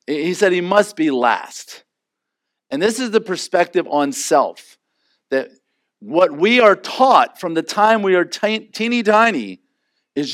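A man preaching a sermon as pastor, animated and acting out quoted lines in raised voices. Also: on the high side, fairly quick.

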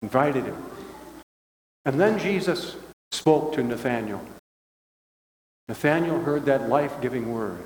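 Older pastor preaching in a reverberant church. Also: male voice, mid-range voice, expressive, measured pace, pauses often, a little mellow, a little hiss or hum. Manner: folksy, conversational storytelling. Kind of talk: sermon. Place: church sanctuary. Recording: echoey church hall.

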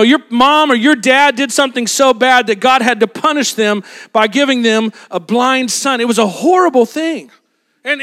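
A man's voice: very high-pitched, pushed and bright. A young man preaching a sermon as a pastor, telling a Bible story in a casual, humorous way and acting out the voices of the people in it.

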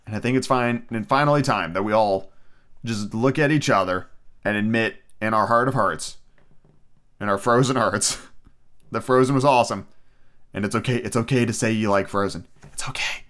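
A man's voice: on the low side, moderate pace, fairly bright tone. A man hosting a podcast alone, ranting casually with energy, lots of swearing and self-mocking asides. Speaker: podcast host.

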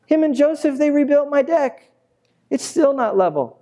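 A man voicing an incredulous small-town neighbor who scoffs in indignant, rapid questions. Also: very high-pitched, lively intonation, warm tone, slight background noise, pitched above the performer's own voice. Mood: scoffing disbelief.

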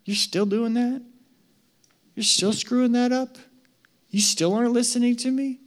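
A man's voice: very high voice, fairly even intonation, measured pace, pitched above the performer's own voice. A man voicing God as people imagine him, a male figure who is eager to forgive and pleads and repeats himself. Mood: annoyed.

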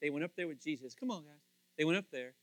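A man preaching a sermon in a lively, playful way, acting out the people he quotes. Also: a little high, fast talker, dry recording. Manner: animated, playful, acts out quotes in voices. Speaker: pastor.

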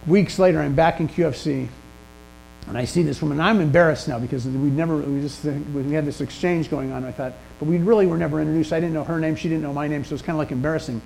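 A man's voice: on the high side, quick pace, vocal fry, a little mellow, poor audio. A man preaching a sermon, telling a personal story in a conversational, self-deprecating way. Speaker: pastor. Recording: faint mains hum.

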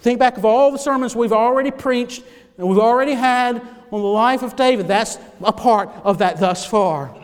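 A male pastor preaching a sermon, swinging between loud emphasis and hushed, near-whispered lines. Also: sits high, in a large hall.

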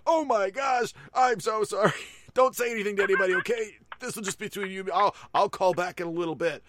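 A flustered store clerk, as a man puts him on, his voice jumping far up into a high, rushed, apologetic babble. He gabbles loud and fast, tripping over his apologies. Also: background noise, natural voice.

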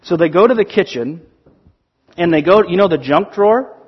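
A man preaching a sermon, telling stories in an animated way and acting out the quotes. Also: sits high, normal speed, slightly rough, lo-fi sound. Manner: animated storytelling, acts out quotes. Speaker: pastor.

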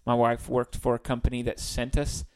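An easygoing man at a middle pitch, chatting casually as a podcast co-host. He thinks aloud and circles back to his points as he goes. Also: monotone, moderate pace, darkish tone, smooth. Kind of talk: casual chat.

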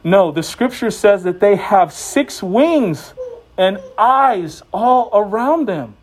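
High-pitched man preaching with playful humor. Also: animated, takes it slowly. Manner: conversational and joking. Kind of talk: sermon.

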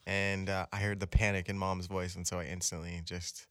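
Young man, casual chat, low voice, relaxed, dry sound. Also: fairly quick, no echo. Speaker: son and business partner.

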